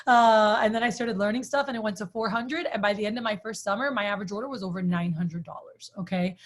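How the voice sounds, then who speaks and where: A woman's voice: mid-range voice, fast. A woman giving a casual sales training talk to a group, telling stories in a chatty way with many fillers and asking the group questions.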